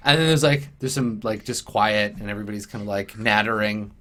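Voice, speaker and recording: A man's voice: lowish voice, brisk, hardly any pauses, a bit bright. A man narrating as game master, rambling with many "um"s and "like"s.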